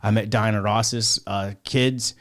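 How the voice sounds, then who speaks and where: A man's voice: fairly low pitch, steady tone, slow. A man telling a story as a podcast guest, in a rambling, profane way full of "like" and "you know". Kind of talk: casual storytelling.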